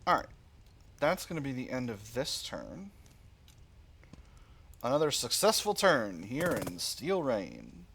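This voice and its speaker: A man talks through his turns in a war strategy game, weighing moves out loud and pausing with ums. His pitch rises and falls with lively movement. He also reads the on-screen story text aloud, sometimes slipping into a light put-on voice for the characters. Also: vocal fry, slight background noise. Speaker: gaming channel host. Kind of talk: casual strategy game commentary.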